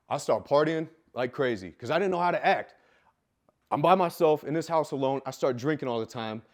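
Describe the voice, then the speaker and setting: A man telling a raw personal story with heavy swearing, dropping low and quiet, then bursting out loud. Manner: profane, intense, swings from quiet to loud; loud, self-described. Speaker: fitness business coach telling his life story.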